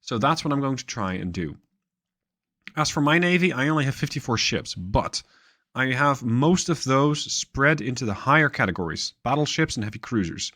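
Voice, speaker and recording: A man's voice: mid-range voice, animated, normal speed, pushed and bright. A man hosting a gaming channel, casually commenting on a naval strategy game while thinking aloud with dry, wry asides.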